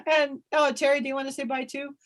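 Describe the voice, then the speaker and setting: An upbeat woman co-hosting a podcast, her voice sitting a little higher than most. She chats casually and breaks into giggles often. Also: flat delivery, brisk, fairly bright tone. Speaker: podcast co-host. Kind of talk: casual chat.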